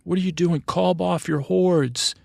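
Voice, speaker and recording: A man's voice: sits high, fairly even intonation, unhurried, creaky, darkish tone, no echo, studio quality, voice pushed up, exaggerated voice. A man voicing exasperated adult officials who plead and demand answers in a raised voice.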